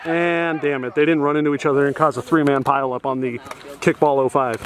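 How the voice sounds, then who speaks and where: A man doing excited, jokey play-by-play of a kickball game he is playing in, out of breath, on a handheld camera outdoors. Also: on the high side, brisk, very noisy. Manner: excitable, jokey, yelps at big plays.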